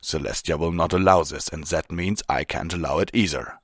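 A man's voice: low-pitched, brisk, dry recording, clean studio sound. A man voicing a protective, cautious male pony who is the elder brother. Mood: wary. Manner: cautious, urgent.

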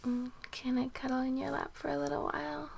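A young adult woman in a whispered role-play, murmuring softly with breathy little giggles. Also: sits high, level tone, fairly quick, slight background noise. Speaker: audio role-play performer.

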